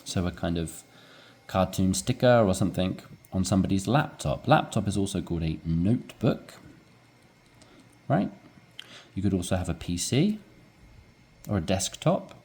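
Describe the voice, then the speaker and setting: A man's voice: deep voice, normal speed, long pauses. A man teaching English, explaining a dialogue and acting out rising inflection. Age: adult with young children. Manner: animated, demonstrates rising inflection.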